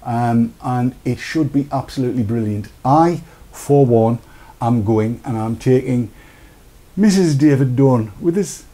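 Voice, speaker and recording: A man's voice: medium pitch, a little slow, dark tone. A middle-aged man from Britain hosting a casual live-stream chat, jokey and rambling, reading viewer comments aloud. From United Kingdom. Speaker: show host.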